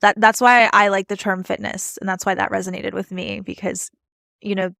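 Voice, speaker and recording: A woman's voice: mid-range voice, level tone, moderate pace, gravelly, fairly bright tone, dry recording, clean studio sound. A woman hosting a podcast, chatting casually and often restarting her questions mid-sentence. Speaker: podcast host. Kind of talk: casual interview chat.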